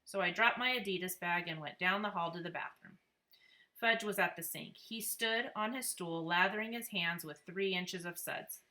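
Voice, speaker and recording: Bright, expressive woman narrating a children's chapter book aloud. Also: fairly low pitch, moderate pace. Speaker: reader.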